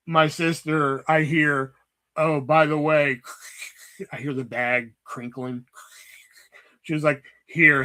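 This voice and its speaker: A man's voice: on the high side, sharp tone. A man hosting his own livestream, telling a long rambling story in casual, profanity-heavy chat full of "you know" asides. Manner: profane, chatty, lots of "you know" fillers. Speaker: livestream host.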